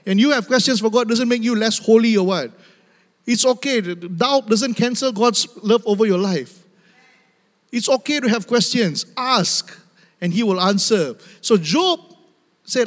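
High-voiced preacher in a reverberant hall. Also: male voice, a little slow. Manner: emphatic, repetitive, addresses the church directly, laughs often. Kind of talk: sermon. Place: church hall.

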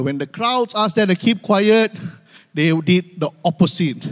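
A man's voice: high voice, normal speed. A man preaching a sermon to his church, calling for amens and repeating key phrases for emphasis. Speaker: pastor. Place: church sanctuary. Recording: long hall reverb.

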